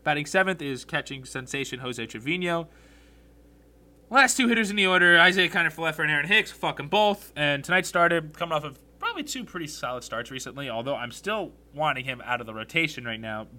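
Bright-voiced man ranting about sports. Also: a little high, fairly quick. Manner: animated, blunt and profane, rants. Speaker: sports podcast host. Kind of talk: solo sports commentary podcast.

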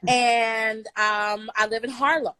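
A young woman from Florida telling a true story on a live stream, loud, bubbly and playful, swearing freely. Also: fairly high pitch, steady tone, takes it slowly, clean tone, no room sound, poor audio. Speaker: guest storyteller.

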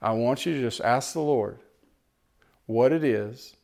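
A man preaching a sermon, swinging between loud exhortation and quiet storytelling. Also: mid-range voice, unhurried, vocal fry. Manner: animated, rising to loud exhortation and dropping to quiet, tender storytelling.

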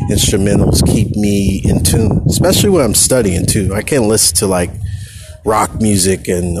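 A man's voice: lowish voice, very noisy. A man from California hosting a podcast, musing aloud in a loose, reflective solo ramble outdoors. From California, USA. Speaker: podcast host. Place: outdoors, with a helicopter overhead. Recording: loud jazz music playing behind the voice.

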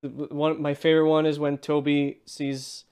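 Man, fairly high voice, smooth and clear, casual film chat, halting, repeats himself. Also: little pitch movement, darkish tone. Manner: halting, repeats words, restarts often. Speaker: film discussion co-host.

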